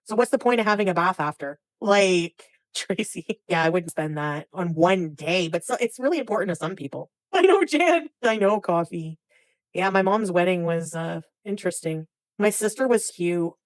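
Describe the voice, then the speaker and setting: A woman's voice: fairly low pitch, expressive, normal speed, no room sound, poor audio. Chatty woman streamer talking to chat. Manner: chatty, reacts to chat names, laughs often. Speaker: livestreamer. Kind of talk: casual chat with live viewers.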